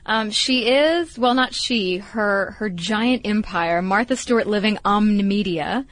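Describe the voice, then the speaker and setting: A woman's voice: mid-range voice, a little slow, a bit bright, dry recording. A woman co-hosting a podcast in casual chat, playful and teasing with a cynical streak. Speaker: podcast co-host.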